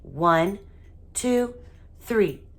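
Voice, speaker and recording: A woman's voice: medium pitch, animated, extremely slow, pitched above the performer's own voice. A woman voicing a fussy, easily embarrassed mother who frets but stays firm. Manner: fretting, firm.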